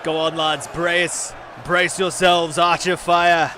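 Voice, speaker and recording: A man putting on a northern accent to voice a gruff northern lord rallying his men in a siege. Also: a little high, level tone, slow, crowd noise, background noise, pitched above the performer's own voice. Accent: put-on northern English. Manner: rousing battlefield commands.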